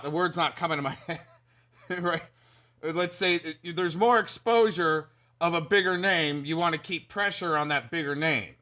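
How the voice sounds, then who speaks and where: A man giving casual commentary on an online feud, talking in a slow, halting way and sometimes losing his words. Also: on the high side, sharp tone. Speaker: streamer narrating commentary.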